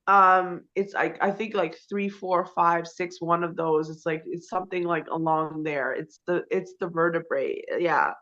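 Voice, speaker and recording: Rambling woman with a bright voice. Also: on the low side, steady tone, a little slow, hardly any pauses. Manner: rambling, heavy fillers, frequent swearing. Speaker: guest. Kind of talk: casual conversation. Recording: dull lo-fi audio.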